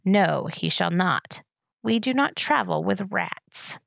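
Hoarse, hateful young royal warrior woman, as a reader puts her on. Cold, clipped. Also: mid-range voice, animated, measured pace, fairly bright tone, dry recording, clean studio sound, heavily acted. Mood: hostile. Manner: hoarse, full of hatred. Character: proud young warrior queen, hostile.

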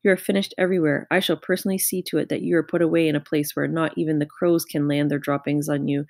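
A woman's voice: low voice, steady tone, fast, gravelly, no room sound, studio quality. A woman reading aloud, voicing a furious, bullying headmistress who barks and rants insults at a pupil. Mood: raging. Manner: barking, ranting, shouting insults. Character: furious bullying female headmistress, huge and brutal.

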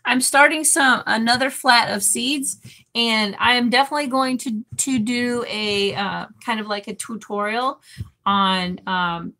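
A woman hosts a casual livestream chat, reading viewers' comments aloud and laughing frequently. Her voice is on the high side, bright and pushed.

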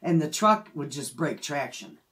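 Speaking at a moderate pace, a middle-aged woman from Michigan, USA, who vlogs about homesteading, tells a story in casual chat with plenty of laughter. Her voice is low-pitched, expressive, and fairly bright in tone.

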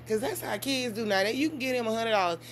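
Mom vlogger, woman, talks straight to camera in loose, animated storytelling. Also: fast talker, slight background noise. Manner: animated storytelling with big swings in pitch and volume. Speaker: mother and vlogger. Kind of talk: casual vlog chat.

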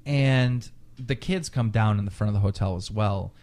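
A podcast host with a fairly low pitch and moderate pace chats casually through a long story. Profane and animated, he voices the quotes of the people in it.

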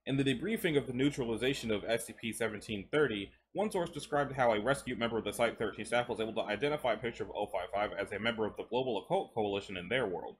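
A man's voice: fairly low pitch, quick pace, hardly any pauses, a little hiss or hum. A man casually reading stories aloud while chewing gum, breaking off into chatty asides and stumbling over words. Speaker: story reader.

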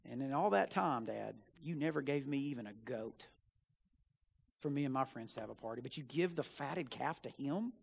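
A young male preacher voicing a resentful older brother in a sermon retelling, bitter and complaining, lower and quieter than his preaching. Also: expressive, moderate pace, vocal fry, husky.

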